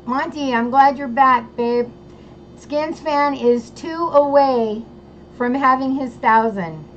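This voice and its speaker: Bubbly high-voiced woman livestreaming. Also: slow. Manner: bubbly, gushing, greets chatters by name. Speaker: livestream host. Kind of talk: casual livestream chat. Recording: dull lo-fi sound with faint noise.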